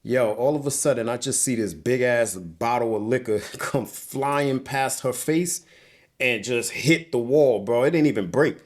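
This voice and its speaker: A man's voice: medium pitch, unhurried. Young male interview guest, heated and profane, storytelling with lots of "bro". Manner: agitated, profane, repeats "bro". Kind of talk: emotional storytelling. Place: indoors on a couch.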